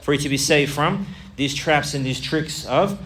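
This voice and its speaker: A man's voice: on the high side, moderate pace, fairly bright tone, recorded from a distance, slight background noise. A man preaching a sermon in an earnest, emphatic way, often repeating phrases for stress.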